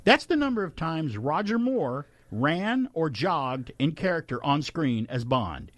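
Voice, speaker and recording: Male radio host, animated trivia reader, lively pitch, dry close studio mic. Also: unhurried, dry recording. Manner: animated, reads out numbers, laughs often. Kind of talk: casual radio trivia chat. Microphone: studio microphone.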